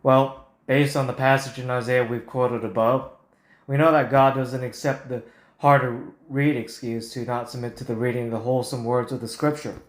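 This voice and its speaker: A man's voice: medium pitch, flat delivery, normal speed. A man reading a prepared talk aloud as a Bible teacher, in a blunt and combative way. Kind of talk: scripted talk on Bible versions. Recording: roomy echo.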